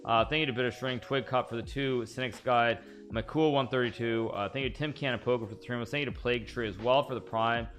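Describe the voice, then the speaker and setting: Bright-voiced man streaming chess. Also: medium pitch, fairly even intonation, soft background music. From United States. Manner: chatty and rambling, thinks aloud about moves, quick thank-yous to subscribers. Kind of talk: live-stream chess commentary and chat.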